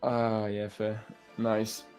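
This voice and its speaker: A man's voice: on the low side, monotone, very slow, darkish tone, clear, resonant tone, faint music behind. A young British man chatting casually and joking as a co-host of a livestream. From Britain. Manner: laughing, joking, banter. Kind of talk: casual chat.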